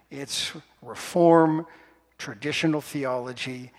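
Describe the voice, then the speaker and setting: A man preaching a sermon in a lively, playful, conversational way to his congregation. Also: fairly high pitch, a little slow. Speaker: pastor. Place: church sanctuary. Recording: long reverb of a church hall.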